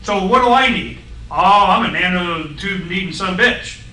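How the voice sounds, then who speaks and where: On a radio talk show, a middle-aged man with a high-pitched voice explains science bluntly, folksily and excitably, doing voices in his stories at a normal speed. The audio is rough, picked up by a distant mic in an echoey room.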